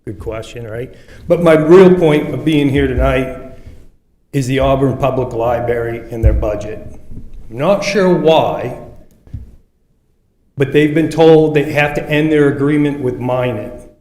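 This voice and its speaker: A man's voice: mid-range voice, measured pace, pauses often, dark tone. A man giving offhand, rambling public comment at a city council meeting, correcting himself as he goes. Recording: echoey council chamber.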